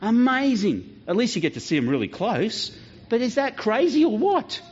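A children's pastor gives a playful, joking children's talk in a church hall, quizzing the kids as he goes. His very high-pitched, husky voice swings hugely in pitch at a moderate pace, and the recording has a dull lo-fi church sound.

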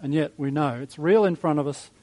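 A man preaching a sermon in a conversational, reflective way, with soft chuckles. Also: a little high, brisk, poor audio. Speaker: pastor.

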